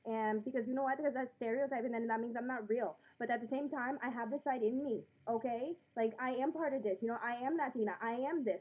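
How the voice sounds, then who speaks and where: A woman's voice: on the high side, fast talker, hardly any pauses, narrow, tinny audio. A young Latina woman vlogging in a casual, emphatic way, pronouncing each word carefully and now and then slipping into a street accent. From United States. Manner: enunciates every word, slips into Bronx Latina speech; lively and emphatic, with many fillers. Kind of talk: casual talk to camera.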